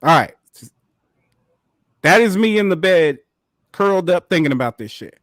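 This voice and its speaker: A man co-hosting a podcast, telling a story in a casual, animated way, full of profanity and quick laughs. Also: sits high, no room sound, clean studio sound. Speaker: podcast co-host.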